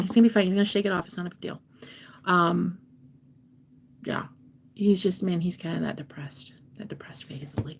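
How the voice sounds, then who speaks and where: A young woman giving a casual tarot reading to her viewers, playful and talkative, swinging between loud bursts and soft whispered asides. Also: fairly low pitch, a little fast. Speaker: tarot reader and streamer.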